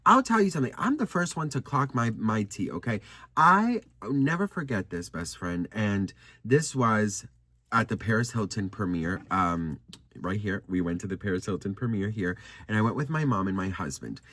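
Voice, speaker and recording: Animated sassy man spilling gossip. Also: fairly low pitch, normal speed. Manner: animated, sassy, addresses viewers as girl and honey. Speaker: celebrity gossip vlogger. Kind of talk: chatty gossip storytelling to viewers.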